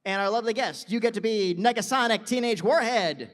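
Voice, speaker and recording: A woman hosts a live comedy game show at a convention, calling actors and audience to get ready. She is upbeat and energetic, speaking to the crowd in a reverberant hall. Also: on the high side, fairly quick. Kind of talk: hosting a live comedy panel.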